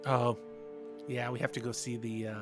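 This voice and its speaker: A man's voice: mid-range voice, little pitch movement, moderate pace, music in the background. A man playing in a tabletop game, chatting casually, stumbling over words and laughing often. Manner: stumbling, lots of restarts and laughs. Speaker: player.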